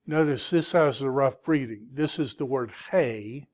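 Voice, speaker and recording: A man's voice: medium pitch, normal speed. A middle-aged man teaching a Greek vocabulary lecture to students, patiently checking in with the class as he goes.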